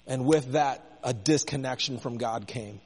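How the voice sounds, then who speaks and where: A man's voice: medium pitch, a little slow, a little mellow, breathy edge. Impassioned male preacher in a reverberant hall. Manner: impassioned, rising and falling in intensity. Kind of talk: sermon.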